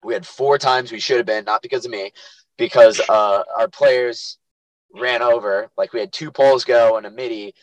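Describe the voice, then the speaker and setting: A young man co-hosting a casual podcast, an animated storyteller who acts out the quotes in his anecdotes. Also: mid-range voice, moderate pace, no echo, low-quality recording. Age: young adult. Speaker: podcast co-host and youth lacrosse coach. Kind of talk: casual chat.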